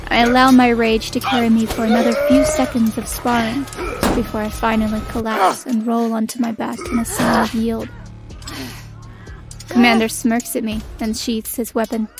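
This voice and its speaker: Young female elf soldier narrating her own story in an audio drama, played by a young woman: bitter, defiant, flat delivery. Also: on the high side, normal speed, over loud music, lightly acted. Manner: bitter, defiant inner monologue.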